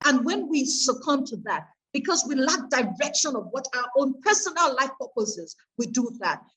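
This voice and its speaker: A woman's voice: sits high, sing-song, moderate pace, a bit bright, poor audio. A woman giving an earnest, faith-based teaching talk on peer pressure, asking her audience rhetorical questions. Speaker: course speaker on peer pressure.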